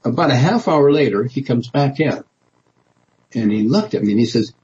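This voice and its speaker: A man's voice: mid-range voice, expressive, moderate pace, a little mellow, slightly rough, lo-fi sound. A man, a politician guest in an interview, telling his story in a rambling way with many restarts and fillers. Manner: rambling, many restarts and "you know", laughs often.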